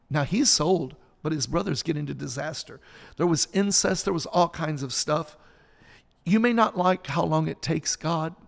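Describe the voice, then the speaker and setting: Impassioned older preacher, gravelly and high. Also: male voice, in a large hall. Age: 60s. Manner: impassioned preaching with repetition and rising emphasis. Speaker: pastor. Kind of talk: sermon-style podcast talk.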